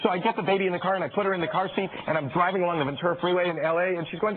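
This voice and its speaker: A middle-aged man, a comedian guest, telling a story with animated energy, stumbling over quick restarts and repeated words. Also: high-pitched. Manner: stammering restarts, rapid repetitions. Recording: tinny phone-like radio broadcast with crowd.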